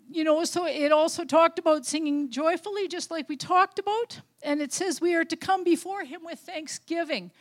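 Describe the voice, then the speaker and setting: An older woman, a grandmother, giving an informal, heartfelt talk at church, rambling with many fillers and restarts. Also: high voice. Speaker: lay speaker at church.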